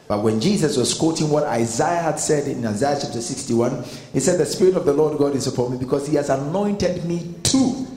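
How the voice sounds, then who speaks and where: A man's voice: fairly high pitch, fairly quick, mellow. A Ghanaian man with a Ghanaian accent preaching a sermon as pastor, emphatic and building in force. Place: church hall. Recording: echoey hall with long reverb.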